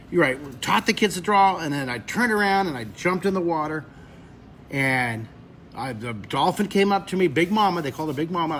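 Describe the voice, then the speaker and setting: A middle-aged man teaching drawing, telling an animated story to kids, lively and expressive, leaping into shrieks for effect. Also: mid-range voice, a little hiss or hum.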